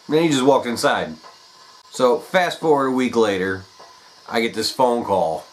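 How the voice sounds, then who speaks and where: A man telling a comedic personal story in an animated way, swearing freely. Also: mid-range voice, low-quality recording.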